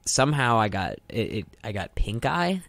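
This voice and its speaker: A man's voice: medium pitch, big pitch swings, moderate pace, creaky, a bit bright, dry recording. A young man co-hosting a college radio show, telling a story in a wry, casual way with repeated words, on a studio microphone.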